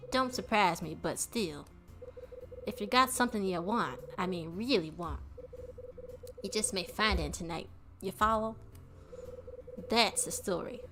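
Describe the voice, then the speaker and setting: A woman voicing a gruff, folksy male hotel owner in a put-on American Southern drawl, cagey and fond of telling stories. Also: medium pitch, measured pace, pauses often, over music, natural voice. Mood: secretive.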